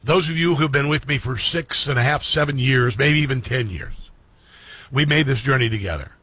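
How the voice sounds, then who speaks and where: A man's voice: mid-range voice, normal speed, sharp tone, breathy edge, no room sound. A middle-aged man hosting a radio and streaming show, speaking earnestly to his listeners and often repeating and restarting phrases. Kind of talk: reflective monologue to listeners.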